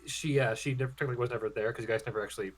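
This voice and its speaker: A man's voice: mid-range voice, steady tone, very fast, poor audio. A man narrating as game master of a tabletop game, often hesitating and restarting. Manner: hesitant, many ums and restarts.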